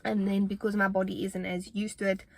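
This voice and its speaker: A young woman talks straight to her viewers in a relaxed vlog, her voice sitting in a mid range. She is earnest and motivational, with plenty of fillers and restarts, and a little out of breath as she goes. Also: medium pitch, fairly quick, creaky, no room sound. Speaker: fitness vlogger. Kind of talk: casual talking-to-camera vlog.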